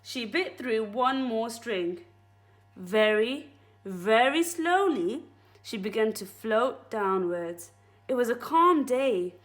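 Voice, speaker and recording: A woman teacher reading a children's book aloud at story time, friendly and expressive. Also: a little high, slow pace.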